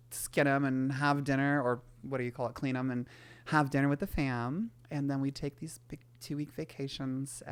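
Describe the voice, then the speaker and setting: A woman in her forties speaks in a deep, low register. She is a guest on a talk show, telling candid stories from her childhood in an animated way. She slips into the voices of the people in her stories. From San Francisco area. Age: 40s. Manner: animated storyteller who acts out family voices. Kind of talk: candid conversational storytelling.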